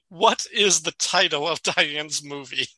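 A man's voice: fairly high pitch, expressive, slow, bright, forceful tone, no echo, rough recording. A man co-hosting a casual podcast, recapping a sitcom episode, laughing often and acting out quoted lines. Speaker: podcast co-host.

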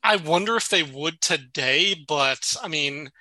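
Bright-voiced man in a casual podcast chat. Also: a little high, a little slow, no echo. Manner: animated retelling, acts out quoted dialogue, laughs often. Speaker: podcast co-host. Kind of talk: casual chat recapping a sitcom episode.

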